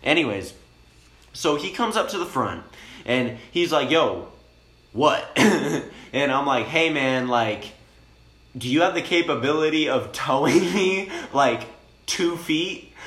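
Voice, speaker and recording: A young man, a bit high, telling a long profane story in a rambling, laid-back way inside a camper van. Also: expressive, slow, a bit bright. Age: young adult. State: high on cannabis. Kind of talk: casual storytelling chat. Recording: roomy with faint noise.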